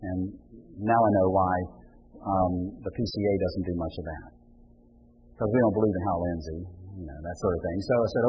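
A male pastor preaching a sermon, impassioned and rising in pitch and volume when he quotes pleading words. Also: lively intonation, a little fast, lo-fi sound, faint music behind.

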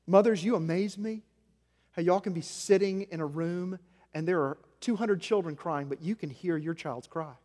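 A man preaching a sermon as senior pastor, swinging between loud emphasis and hushed, low passages. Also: moderate pace. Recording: long hall reverb.

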